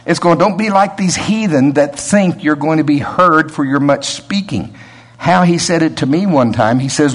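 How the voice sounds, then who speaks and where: A man's voice: fairly high pitch, normal speed. A man preaching a sermon in a conversational way, rising to emphatic peaks and chuckling between points.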